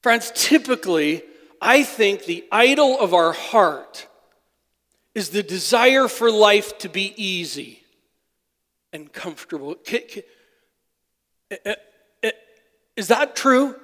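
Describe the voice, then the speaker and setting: A man preaching a sermon as pastor, emphatic, swinging between loud peaks and soft asides. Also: high-pitched, animated, slow pace, pauses often. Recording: long hall reverb.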